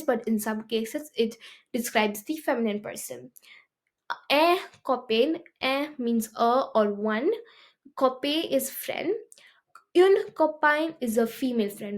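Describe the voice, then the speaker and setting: A woman's voice: on the high side, a little slow. Woman teaching a beginner French lesson. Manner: explanatory, often checks with "okay?". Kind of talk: explaining a language lesson.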